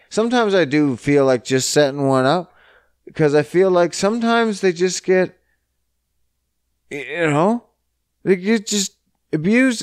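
A man's voice: medium pitch, clear, resonant tone, no room sound, clean studio sound. A man hosting a casual solo podcast, rambling and swearing constantly. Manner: profane, rambling, heavy swearing. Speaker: podcast host.

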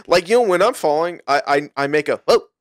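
A chatty man hosting a casual conversation, his voice a touch high and bouncing around a lot as he laughs and jumps in. The sound is dry and close to the mic. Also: lively intonation, brisk, dry recording. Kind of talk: casual chat.

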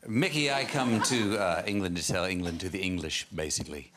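An American man, a guest actor on a chat show, talking in a slow drawl. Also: low-pitched, noisy background.

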